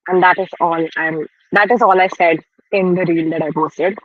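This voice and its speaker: A man's voice: sits high, steady tone, normal speed, no echo, muffled recording. A man hosting a casual livestream, talking frankly and chattily while snacking, a bit self-deprecating. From India. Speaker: livestream host. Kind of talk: casual live-stream commentary.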